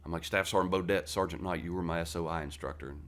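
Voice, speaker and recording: A man's voice: sits low, quick pace, slight background noise. A man in his forties, a retired Marine from West Virginia, telling war-and-training stories in a casual, profane podcast chat. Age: 40s. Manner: profane, animated storyteller who acts out quoted dialogue. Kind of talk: casual storytelling interview.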